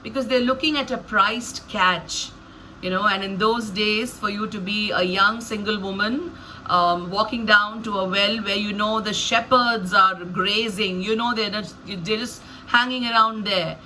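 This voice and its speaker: A woman's voice: medium pitch, fairly even intonation, unhurried, sharp tone, slight background noise, low-quality recording. A woman storyteller reflecting on how she performs a story, thoughtful and musing with frequent hesitations. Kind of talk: reflective talk on her storytelling.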